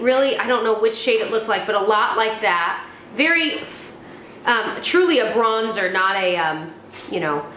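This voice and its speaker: A chatty young woman talks through her beauty finds, her voice pitched a little high. She rambles on with plenty of fillers and restarts. The room is echoey, with faint noise behind her. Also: a bit bright. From United States. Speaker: beauty vlogger. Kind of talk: casual product review.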